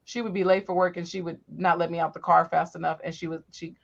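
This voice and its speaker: Brief: woman podcast host, mid-pitched, lively storyteller, crude, a bit muffled sound. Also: fast talker, creaky. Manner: animated, profane, swings high when acting out quotes. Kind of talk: casual storytelling chat.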